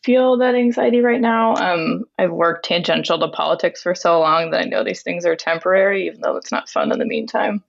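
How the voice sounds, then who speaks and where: A woman in her twenties from Virginia, calling in to a radio show and talking calmly. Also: on the low side, brisk, vocal fry, hardly any pauses. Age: 20s. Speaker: caller. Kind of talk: call-in conversation. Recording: muffled phone-in line.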